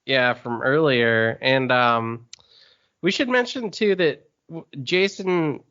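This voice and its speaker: A man's voice: medium pitch, slow pace, bright, forceful tone, clear, resonant tone, lo-fi sound. A man co-hosting a podcast in easygoing casual chat, chuckling between remarks. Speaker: podcast co-host.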